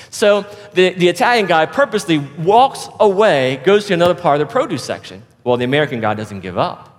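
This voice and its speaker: Animated male pastor in an echoey hall. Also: a little high, a little fast, few pauses. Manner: animated storyteller, acts out characters. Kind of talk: sermon with storytelling.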